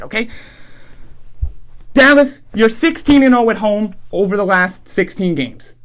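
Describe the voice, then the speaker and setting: A man's voice: very high voice, fairly bright tone. A man hosting a comedic football betting recap, ranting animatedly and throwing out rhetorical questions. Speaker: sports betting show host.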